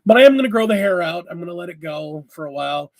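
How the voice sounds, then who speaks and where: A man with a high voice talks straight to his viewers in a loose, rambling way. He sounds worn out, with a lingering cough. He swears casually as he goes. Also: animated, fast talker. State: tired, lingering cough after illness. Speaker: host. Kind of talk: casual chat to camera.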